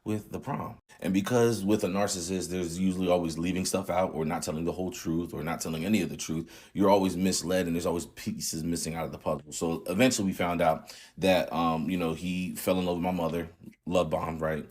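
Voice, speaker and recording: A man in his thirties recounts a painful family memory in a candid, conversational way. His voice sits low and carries a husky edge. He talks in loose slang, as if to friends. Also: fairly even intonation, brisk, a little mellow. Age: 30s. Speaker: channel host. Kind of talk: storytelling vlog.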